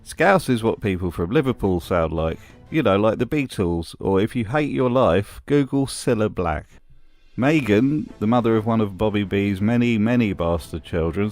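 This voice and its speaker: A man's voice: fairly low pitch, expressive, normal speed, a little mellow, faint music behind. A man hosting a scripted commentary voice-over in a sardonic, mocking way. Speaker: host.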